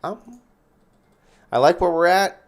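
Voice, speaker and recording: Guy talking through his card game turn by turn, counting out loud, kinda low voice. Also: lively intonation, normal speed. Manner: thinks aloud while counting mana. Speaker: gaming channel host. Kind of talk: casual gameplay commentary.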